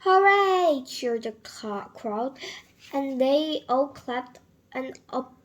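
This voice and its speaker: A woman reading a children's picture book aloud, halting and often slipping and restarting. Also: high-pitched, darkish tone, low-quality recording. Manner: halting, with frequent slips and restarts. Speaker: storyteller.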